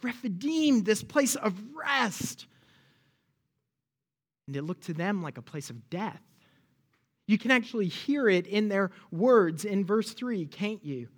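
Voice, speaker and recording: A man preaching a sermon as a pastor, animated and pointed, asking the listeners rhetorical questions. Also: high voice, slow.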